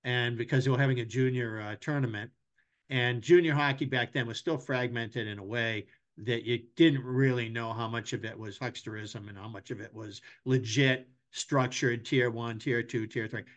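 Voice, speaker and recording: A middle-aged hockey journalist chats casually as a podcast guest, his medium-pitched voice moving at a moderate pace. His long, rambling anecdotes turn loud and animated.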